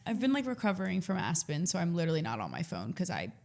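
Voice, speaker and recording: Expressive young woman telling stories. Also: on the low side, quick pace. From Philadelphia area. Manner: expressive, swearing storyteller. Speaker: podcast co-host. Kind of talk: casual storytelling chat.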